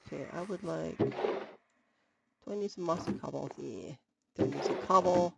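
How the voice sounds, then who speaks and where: A woman's voice: deep voice, moderate pace, vocal fry. A woman streaming a game who chats casually and thinks aloud as she sorts through items. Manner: chatty, thinking aloud while sorting items. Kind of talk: casual gameplay commentary. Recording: loud background noise.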